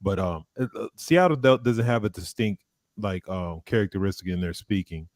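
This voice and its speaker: A man's voice: low-pitched, moderate pace, darkish tone, no room sound. A man from Alabama with a slight Southern US accent, chatting casually as a guest with rambling restarts. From Alabama, USA. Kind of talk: casual chat.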